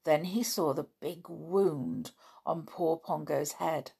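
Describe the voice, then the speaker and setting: A woman reading a children's story aloud, gentle and expressive. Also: slow, vocal fry, slightly rough. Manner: gentle, expressive, raises pitch for children's voices.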